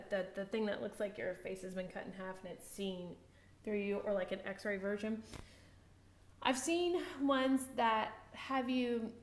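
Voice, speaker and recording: A woman giving a casual pronunciation lesson, chatty and self-interrupting, repeating sounds slowly to demonstrate them. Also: on the high side. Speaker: language learner teaching pronunciation.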